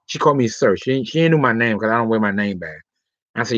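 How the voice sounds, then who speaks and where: A man's voice: medium pitch, fairly quick, fairly bright tone, no echo. A man talks through dating advice in a loose, rambling way, tagging nearly every thought with "all right?" or "okay?". The sound is dry and a little dull, like a cheap lo-fi mic in a small room. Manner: rambling, filler-heavy talk ending lines with 'all right' and 'okay'. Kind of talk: casual livestream advice talk.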